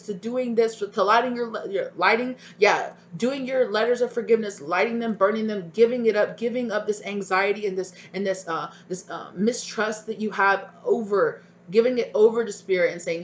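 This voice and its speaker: A woman's voice: on the high side, dull audio. Emphatic woman reading tarot cards. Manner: emphatic and encouraging, repeats "right?" and "okay?"; spiritual, emotional, sometimes near tears. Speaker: tarot reader. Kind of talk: pick-a-card tarot reading to viewers.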